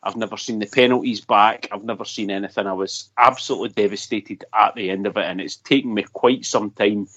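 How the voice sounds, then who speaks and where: A man's voice: lowish voice, steady tone, fairly quick, few pauses, a bit bright. A man co-hosting a podcast, talking earnestly and at length with a hearty laugh. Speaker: podcast co-host. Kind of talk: casual chat.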